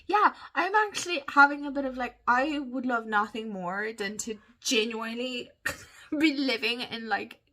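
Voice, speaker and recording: A woman's voice: on the high side, measured pace, sharp tone. A woman in her thirties with an Irish accent, chatting casually to camera and laughing often as she talks. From Ireland. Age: 30s. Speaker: vlogger. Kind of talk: casual chat.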